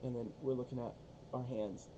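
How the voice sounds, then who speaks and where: A man's voice: medium pitch, fairly even intonation, normal speed, background noise. Young man, profane rambling storyteller. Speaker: co-host telling a story. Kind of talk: casual storytelling vlog.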